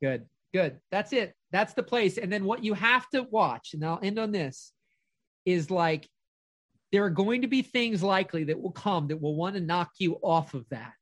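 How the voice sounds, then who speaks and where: A man's voice: high voice, animated, normal speed, fairly bright tone, no room sound. A middle-aged man coaching a caller in an earnest, affirming way, speaking in firm declarations. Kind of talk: motivational coaching call.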